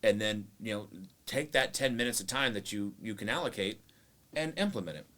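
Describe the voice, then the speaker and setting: A man's voice: on the low side, lively intonation, brisk, pushed and bright. A man co-hosting a casual couples podcast, rambling with lots of fillers and teasing his partner playfully. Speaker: podcast co-host.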